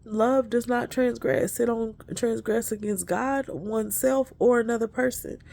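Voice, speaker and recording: A woman's voice: a little high, fairly even intonation, a little slow, gravelly, darkish tone. A woman giving an emotional, earnest spiritual encouragement talk to her listeners. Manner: earnest, preachy, addresses listeners as y'all. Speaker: inspirational speaker.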